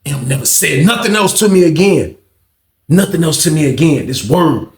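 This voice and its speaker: With a somewhat high voice at a moderate pace, this channel host spins a profane prison storytime tale, lively and voicing what others said. The room sounds echoey.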